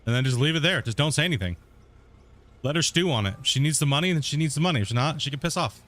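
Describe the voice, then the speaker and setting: A man's voice: fairly high pitch, lively intonation, quick pace, a bit bright. A man streaming a game, ranting to his viewers in casual chat and swearing a lot. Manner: heated ranting, swears often. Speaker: gaming streamer.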